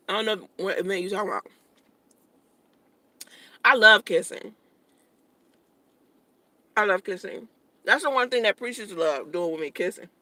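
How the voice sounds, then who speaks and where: A woman's voice: mid-range voice, bright, forceful tone, no room sound. A woman in her late thirties hosting a casual livestream, eating and talking with her mouth full, blunt and profane. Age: 30s. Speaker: livestream host.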